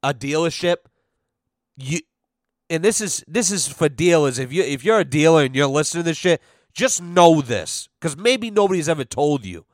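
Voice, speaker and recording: A man's voice: on the high side, lively intonation, normal speed, no echo, clean studio sound. A young man hosting a podcast, telling a casual story in a profane, exasperated way and acting out what others said. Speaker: podcast host.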